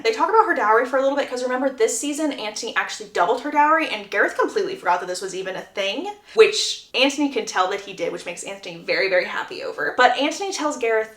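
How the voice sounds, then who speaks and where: A young woman retelling a novel's plot as a book vlogger, in a chatty, animated way. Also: fairly high pitch, fast talker, few pauses. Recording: echoey room.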